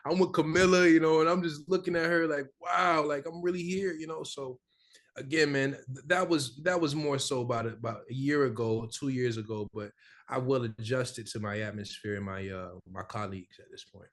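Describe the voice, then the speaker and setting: A young man from the American South, an actor chatting casually in an interview, animated and full of repeated fillers. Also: mid-range voice, fairly quick. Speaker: actor guest.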